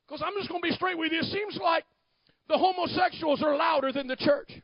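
In a very high voice, a male pastor delivers a fiery sermon at a fairly quick pace. He shifts between close, quiet asides and shouted declarations, and the recording is dry, a little dull, and free of echo.

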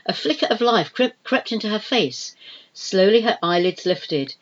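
A woman reading a novel aloud in expressive, measured scripted narration. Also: medium pitch, highs cut off. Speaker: audiobook narrator.

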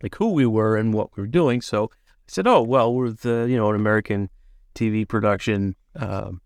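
Relaxed middle-aged man, dry sound. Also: on the low side, normal speed, no echo. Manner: relaxed, supportive interjections. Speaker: co-host. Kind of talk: casual chat.

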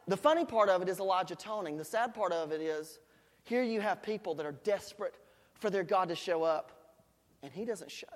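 A preacher giving a sermon with playful, joking storytelling, swinging between loud shouts and quiet asides. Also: medium pitch, big-room sound.

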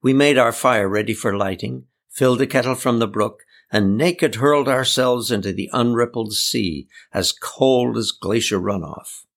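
A man reading a first-person story aloud in a calm, descriptive way. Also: mid-range voice, normal speed, vocal fry. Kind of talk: scripted first-person narration.

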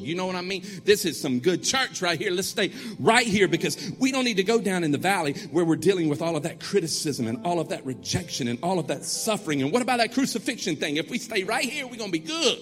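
A man preaching a sermon as a pastor, animated and acting out the story. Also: high voice, quick pace, few pauses, big-room sound, faint music behind.

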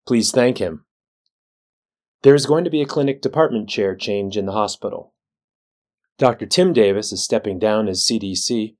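A man who is a physician and the show's host reads a scripted weekly recap in a measured, plain way, with a dry sense of humor. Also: on the low side, a little mellow. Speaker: physician leader and podcast host.

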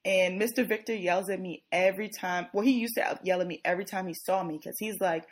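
A woman's voice: medium pitch, steady tone, quick pace, few pauses. A woman in her twenties chatting casually, candid and self-mocking as she tells a story.

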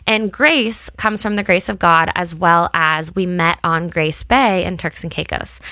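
A woman's voice: fairly low pitch, sharp tone, no room sound. A young woman from the United States tells her own story to viewers in an earnest, emotional way, close to tears at times as a small brand founder. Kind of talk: personal story to camera.

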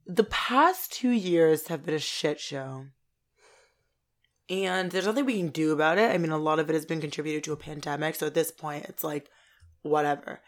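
A woman's voice: low-pitched, moderate pace. A young woman co-hosting a podcast, ranting with exaggerated mock outrage in unfiltered casual chat. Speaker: podcast co-host.

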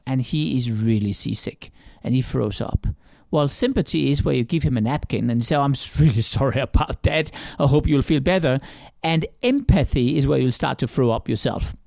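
This is an author being interviewed, a man who illustrates his points with stories, examples and quotes he acts out, looping back on words and restarting sentences. His mid-range voice is expressive and a little mellow, with vocal fry, running a little fast with hardly any pauses. Recording is dry and studio quality.

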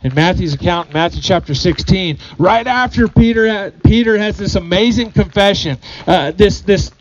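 A man's voice: high-pitched, moderate pace, muffled recording, a little hiss or hum. A man preaching a sermon to his congregation, earnest, often repeating phrases and putting questions to the people. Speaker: pastor.

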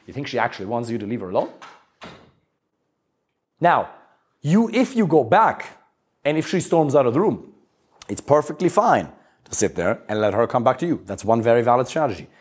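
A husky-voiced man coaching a group on relationships, his pitch swinging widely as he drives each point home. He talks bluntly and swears freely, with an emphatic, energetic delivery. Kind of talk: talk to a live group.

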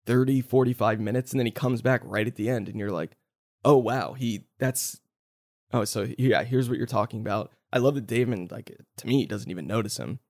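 A man hosting a casual movie review podcast, talking in animated bursts with swearing and quick asides. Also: mid-range voice. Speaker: podcast host.

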